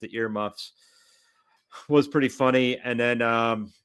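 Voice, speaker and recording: A man's voice: medium pitch, fairly even intonation, measured pace, fairly bright tone, clean tone, no room sound. A man co-hosting a podcast, chatting casually with frequent chuckles about favourite film lines. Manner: chuckling, easygoing. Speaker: podcast co-host. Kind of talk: casual chat.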